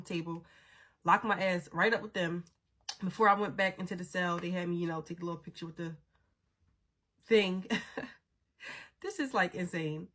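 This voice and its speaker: A woman vlogger telling a story in a casual, animated, dramatic way, swearing freely. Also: lowish voice.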